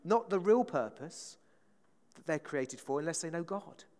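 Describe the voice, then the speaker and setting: This preacher's voice is a bit high for a man, expressive and a touch mellow. He keeps his sermon conversational, tossing out quick questions and a frequent "right?" to the congregation, while the hall's long reverb carries every word.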